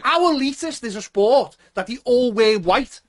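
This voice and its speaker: A man's voice: very high-pitched, animated, normal speed. A man co-hosting a casual podcast, ranting and mocking with swearing. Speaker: podcast co-host. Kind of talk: casual banter.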